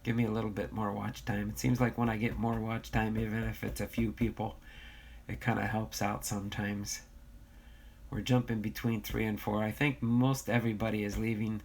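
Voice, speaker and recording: A man's voice: on the low side, little pitch movement, normal speed, creaky, a little mellow, a little hiss or hum. An American man hosting a casual livestream, reading viewer comments aloud and bantering, with a slightly nasal voice. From United States. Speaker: livestream host.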